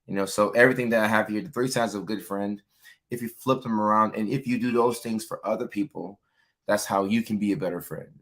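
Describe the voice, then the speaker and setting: A man's voice: on the low side, fairly even intonation, brisk, a bit bright. A man hosting a casual livestream, upbeat, greeting viewers by name and reading their comments aloud. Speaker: livestream host. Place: home setup, lives in California.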